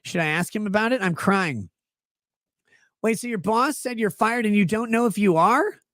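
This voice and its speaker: A man's voice: sits high, animated, moderate pace, fairly bright tone, no room sound, studio quality. A man hosting a casual livestream, reading chat messages aloud and riffing on them sarcastically. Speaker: livestream legal commentary host.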